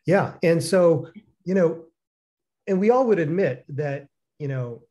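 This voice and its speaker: A man's voice: on the high side, unhurried. A man co-hosting a casual talk, telling stories with lots of fillers and acting out the people he quotes. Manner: animated storyteller, acts out quoted dialogue, many fillers.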